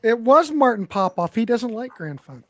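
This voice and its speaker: A man's voice: extremely high pitch, sing-song, normal speed, fairly bright tone, dry recording, clean studio sound. A man hosting a casual panel chat, teasing the guests and laughing easily. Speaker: host.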